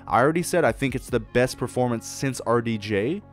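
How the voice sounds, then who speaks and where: A man hosting his own podcast, giving a blunt, profane, excitable solo review and acting out quoted lines. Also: medium pitch, fairly quick, soft background music. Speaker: podcast host reviewing shows. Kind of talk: casual solo review monologue.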